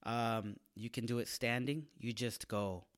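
A man's voice: mid-range voice, steady tone, a little slow. A man, a comedian, delivering a casual and crude comic monologue to his audience, full of slang and acted-out voices. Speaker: comedian hosting his own podcast.

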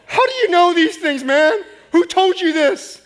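A man putting on a high, astonished limo driver. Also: expressive, measured pace, low-quality recording.

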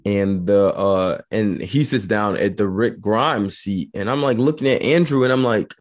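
A man's voice: on the low side, a little slow, few pauses. A man from Georgia with a Southern American accent, chatting casually as an interview guest, laughing easily and often restarting his sentences. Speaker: guest, actor.

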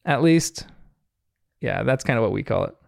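A man's voice: mid-range voice, lively intonation, moderate pace, vocal fry, no echo, clean studio sound. An American man hosting a podcast, talking in an earnest, reflective way as he recaps a cartoon episode, chuckling often. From United States. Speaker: podcast host.

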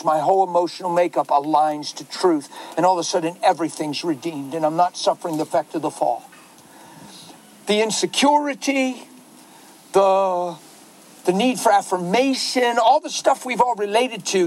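A man's voice: high-pitched, a little hiss or hum, rough recording. A man pastor answering questions in a passionate, emotional preaching style.

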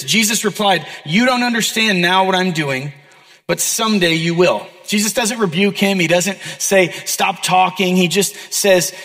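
A young male pastor with a notably high voice delivers an earnest, conversational sermon, slipping in self-deprecating asides. His words ring out with a long reverb tail, as in a big church hall. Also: pushed and bright. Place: church auditorium.

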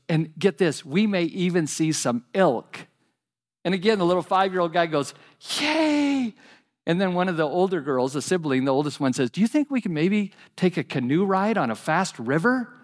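A pastor preaching a sermon, earnest and animated, dropping to soft pleading repetitions. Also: male voice, fairly high pitch.

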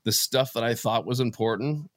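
Halting, emotional man telling his story. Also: mid-range voice, a bit bright, no room sound, clean studio sound. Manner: emotional, halting, with frequent restarts. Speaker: podcast guest. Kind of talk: personal faith testimony in conversation.

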